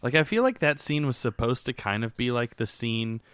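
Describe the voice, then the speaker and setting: A man's voice: medium pitch, big pitch swings, normal speed, fairly bright tone, smooth, no room sound. A man co-hosting a casual movie commentary podcast, joking and rambling with many fillers. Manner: joking, rambling, laughs often. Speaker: podcast co-host.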